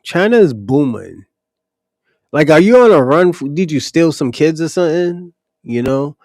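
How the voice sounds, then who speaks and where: A man's voice: a little high, big pitch swings, normal speed, a little mellow, dry recording, studio quality. A man hosting a livestream, talking bluntly and profanely straight to his chatters. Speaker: livestream host answering chat. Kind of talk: casual ranting commentary.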